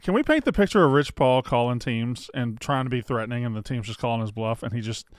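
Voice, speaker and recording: A man's voice: medium pitch, lively intonation, fast talker, no echo. A man co-hosting a sports podcast, joking and teasing in casual chat. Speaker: podcast co-host.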